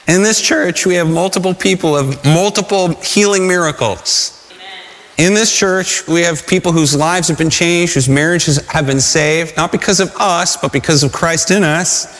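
A man preaching a sermon, telling stories with animated energy and asking the congregation rhetorical questions. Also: on the high side, in a large hall. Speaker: pastor.

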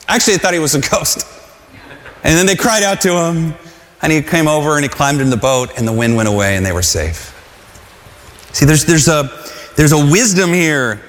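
A man preaching a sermon in an earnest, halting way, with restarts and calls that rise to shouts. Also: fairly high pitch. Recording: long hall reverb.

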